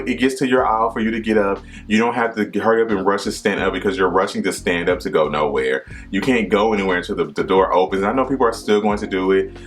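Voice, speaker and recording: Deep-voiced man giving emphatic warnings. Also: a bit bright. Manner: emphatic, repeats warnings, mimics passengers. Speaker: flight attendant. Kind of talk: casual advice vlog.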